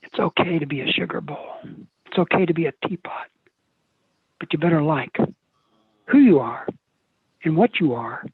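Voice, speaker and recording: An older man with a husky, slightly high voice gives a motivational talk full of folksy stories and jokes. The sound is tinny and dry, like audio from a video call. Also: expressive, moderate pace, long pauses, dry recording. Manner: folksy, joking storyteller. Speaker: motivational speaker. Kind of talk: live seminar talk.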